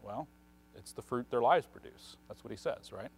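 A man gives conversational Bible teaching at a middle pitch for a man. He explains at length in an unhurried way. He keeps checking in with his listeners through a questioning "right?". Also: breathy edge.

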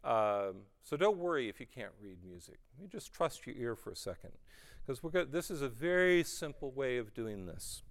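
A man leading a group class on chanting psalms, talking them through the lines in a relaxed, encouraging way. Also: mid-range voice, normal speed. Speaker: music leader teaching psalm singing. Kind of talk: teaching a group to chant psalms, speaking and singing. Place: room with a group of singers.

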